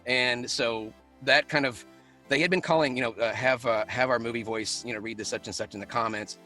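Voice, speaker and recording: A man who works as a voice actor, chatting as an interview guest. He tells animated stories and laughs often. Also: medium pitch, brisk, faint music behind. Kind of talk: casual interview chat.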